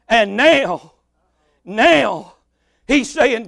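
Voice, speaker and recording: A man preaching with fervor, his voice sitting very high for a man. He reads scripture steadily, then swells into shouts and cries. The sound is close and dry. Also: lively intonation, unhurried, no room sound. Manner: impassioned, rising to shouts and cries. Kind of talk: sermon.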